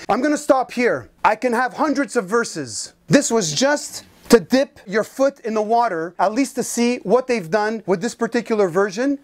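A woman Bible teacher preaching in a fiery, indignant and sarcastic way. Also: fairly high pitch.

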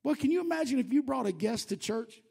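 Guy preaching pentecostal style, real high gravelly voice, gets loud and jokey. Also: fast. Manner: animated, shouts and acts out the quoted voices; mocking, humorous asides. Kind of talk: Pentecostal sermon.

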